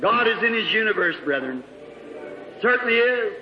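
A man from Indiana preaching a sermon, telling a story with fervor and rising to shouts. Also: sits high, sing-song, normal speed, slight background noise. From Indiana, USA. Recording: echoey hall, dull old recording.

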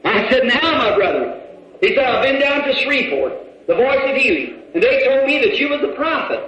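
Man preaching, very high voice, folksy storytelling, dull old echoey hall recording. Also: big pitch swings, moderate pace. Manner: folksy, retells a conversation with rising shouts. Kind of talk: sermon storytelling. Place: church hall with congregation.

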